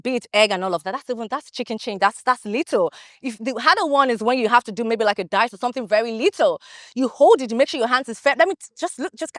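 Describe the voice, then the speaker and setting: A woman's voice: a little high, no echo, clean studio sound. A woman, a reality show contestant, giving a boastful, defiant confessional and repeating herself often. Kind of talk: confessional interview.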